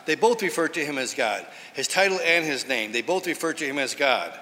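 Man preaching bible study, earnest and emphatic, kinda high bright voice, echoey hall. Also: expressive, fairly quick. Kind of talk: Bible teaching sermon. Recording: hall reverb.

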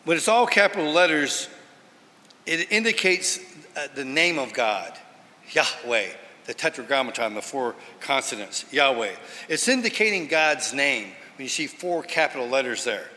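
Earnest man preaching, bright voice. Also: mid-range voice, lively intonation, moderate pace. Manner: earnest, emphatic, explanatory. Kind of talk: Bible teaching sermon. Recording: hall reverb.

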